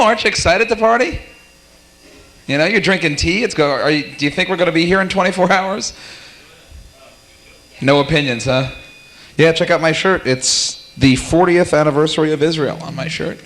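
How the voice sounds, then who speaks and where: A young man doing stand-up comedy at a small cafe, teasing the audience in a rapid, jokey way. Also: on the high side, fairly bright tone. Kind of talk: stand-up comedy with crowd work.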